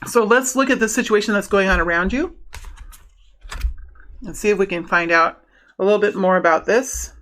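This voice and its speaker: A woman's voice: mid-range voice, moderate pace, pauses often, fairly bright tone. A woman giving a casual tarot reading to her viewers, rambling and friendly, with many restarts and fillers. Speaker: tarot reader.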